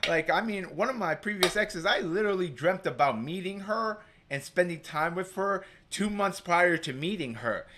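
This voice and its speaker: Rambling man with a higher voice. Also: lively intonation, moderate pace, hardly any pauses, bright, forceful tone, a little hiss or hum. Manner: rambling, heavy on filler words. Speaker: guest. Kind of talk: casual storytelling.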